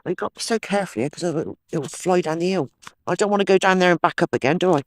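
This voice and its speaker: A man's voice: high-pitched, quick pace. Chatty man detecting in a field. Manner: chatty, enthusiastic, talks to himself while digging. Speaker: metal detecting channel host. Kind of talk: casual outdoor vlog chat. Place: sloping farm field outdoors.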